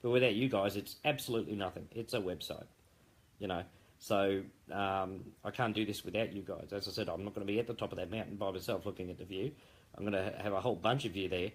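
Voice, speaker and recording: A man's voice: sits low, quick pace, husky. A man founder giving a rambling, jokey live update late at night, full of fillers and restarts.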